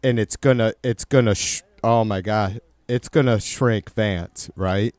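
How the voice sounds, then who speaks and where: A man's voice: on the low side, a little slow, a little mellow, dry recording. A man live-streaming casual political commentary, swearing a lot and rambling with many restarts as he answers his chat. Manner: profane, rambling with frequent restarts.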